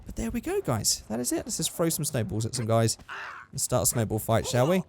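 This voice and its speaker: A man's voice: mid-range voice, wildly swooping pitch, brisk, gravelly, a little mellow, a little hiss or hum. A young man giving casual, upbeat gameplay commentary, chatting and thinking aloud as he plays. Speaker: gaming YouTuber.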